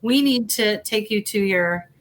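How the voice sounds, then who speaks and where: A woman's voice: medium pitch, a little slow. A woman hypnotherapist telling her story in a casual interview, chatty, often restarting sentences and acting out the dialogue she quotes.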